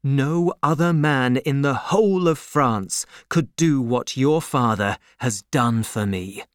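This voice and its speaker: A man reading a story and voicing a composed young nobleman who answers in a measured, earnest way. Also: medium pitch, clean tone, no echo, studio quality, lightly acted. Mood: tender.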